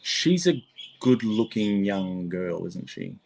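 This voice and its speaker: Sex: man. Role: psychic reader. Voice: low, husky. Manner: rambling, swearing. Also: very animated, takes it slowly, darkish tone. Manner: rambling, repetitive, swears freely. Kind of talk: casual reading on a call.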